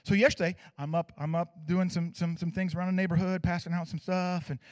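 Male pastor, very high voice, emphatic sermon delivery with loud-soft swings. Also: little pitch movement, brisk. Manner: asks the audience for agreement.

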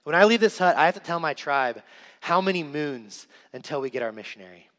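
An insistent older tribal elder, his pressing questions hanging in a long hall reverb, as a preacher puts him on. His voice sits fairly high for a man. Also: expressive, fairly quick, fairly bright tone. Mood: pleading.

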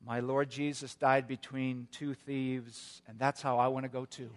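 A man's voice: mid-range voice, flat delivery, a little slow, slight background noise, natural voice. A man voicing a frail, dying old male pastor who speaks in a weak, faint voice during a sermon. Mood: contented.

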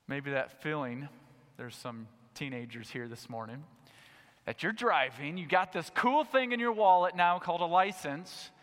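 Lively, high-voiced man preaching in a reverberant hall. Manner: animated, acts out his own reactions in a raised voice. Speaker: pastor. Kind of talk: sermon.

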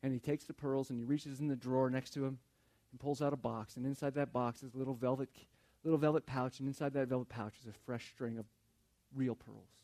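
A man's voice: mid-range voice, steady tone, a little fast, dark tone. A man preaching a sermon in a conversational way, often repeating words as he tells a story. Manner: conversational, repeats words while building a point. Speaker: pastor.

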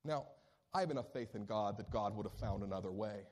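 A male pastor preaching a sermon, moving between animated high-pitched questions and slow, deliberate scripture reading. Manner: reads scripture aloud slowly and deliberately.

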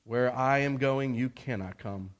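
A man reading aloud the words of a calm, authoritative male teacher in a measured, plain way. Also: medium pitch, close to an everyday voice. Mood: solemn.

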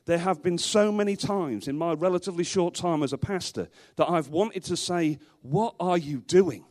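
A man with a high, light voice preaches a sermon from the pulpit. He is emphatic, hammering home his points with repeated rhetorical questions and the odd dry joke. He speaks to a congregation gathered in a church. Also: normal speed, a little mellow. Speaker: pastor.

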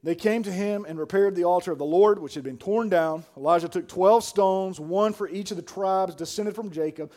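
A male pastor preaching a sermon, casual and colloquial, swinging from hushed talk to shouting. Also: sits high, normal speed, few pauses. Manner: colloquial, says "man" and "y'all".

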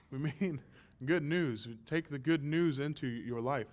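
A man delivers a sermon from the pulpit, his voice sitting somewhat high for a man. He preaches with passion and emphasis, firing off rhetorical questions. His throat sounds a little strained. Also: fairly bright tone. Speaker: pastor.

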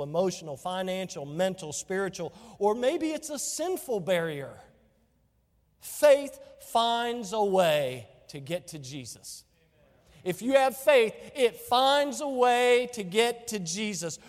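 A man's voice: high voice, in a large hall. A man preaching a sermon as pastor, emphatic and full of rhetorical questions.

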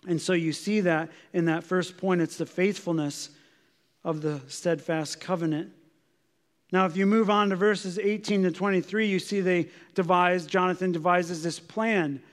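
High-voiced man preaching in an echoing hall. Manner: earnest, emphatic preaching with rhetorical questions. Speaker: pastor. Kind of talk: expository sermon. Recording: long reverb of a large hall.

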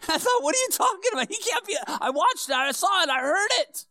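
A man's voice: very high-pitched, very animated, fairly quick, no echo, exaggerated voice. A man playing Peter, an earnest fisherman apostle. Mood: excited. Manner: storytelling, swinging from hushed whispers to fervent shouts. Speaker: dramatic monologue performer. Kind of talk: first-person dramatic church monologue.

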